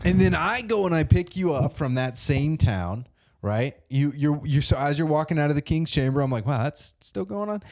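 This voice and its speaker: Improvising a goofy adventure tale as a comedy podcast co-host, he rambles, restarts often, leans on fillers and cracks himself up. His darkish, higher-pitched voice is expressive, moving at a moderate pace with hardly any pauses.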